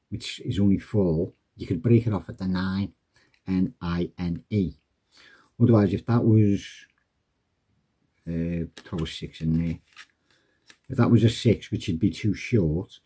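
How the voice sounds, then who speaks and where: Chatty man, low dark voice, husky, explaining a card trick step by step. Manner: chatty, rambling, acts out patter with spectators. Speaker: card magic tutor. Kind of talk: casual tutorial walkthrough.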